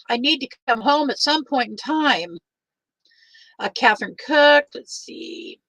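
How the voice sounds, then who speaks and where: An older woman hosting a casual livestream. She greets each viewer by name in a warm, chatty way and is teary. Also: high voice, animated, unhurried, no echo, poor audio.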